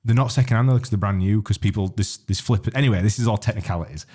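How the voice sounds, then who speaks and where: A man's voice: on the low side, fast, dark tone, slightly rough. A man, co-hosting a podcast, rambling through stories and laughing often. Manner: rambling storyteller, laughs often, many restarts. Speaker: podcast co-host. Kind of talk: casual chat.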